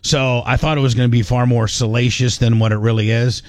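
A man's voice: medium pitch, fairly even intonation, a little fast, dry recording. Rambling stammering talk-radio host man. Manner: rambling, stammering restarts, mock-clinical tone. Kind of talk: crude casual talk radio banter.

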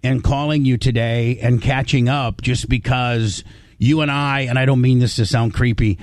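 A man's voice: mid-range voice, fairly even intonation, moderate pace, no echo. A man hosting a radio show, rambling and stammering as he reminisces on a call. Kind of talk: emotional radio phone conversation.

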